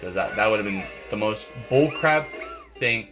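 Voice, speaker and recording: A young man with a congested, stuffy voice talks through his gameplay in a loose, rambling way, doubling back on his words. His voice sits a little on the low side. Game music plays clearly underneath him. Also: expressive, normal speed. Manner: rambling, repeats words, many fillers. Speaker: gaming channel host. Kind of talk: casual gameplay commentary. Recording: game music playing behind.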